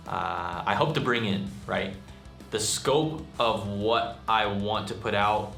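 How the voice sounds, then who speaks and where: A man's voice: on the low side, a bit bright. A young man casually rambling through a channel update, with frequent fillers and self-deprecating asides. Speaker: channel host and musician. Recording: echoey room with faint music.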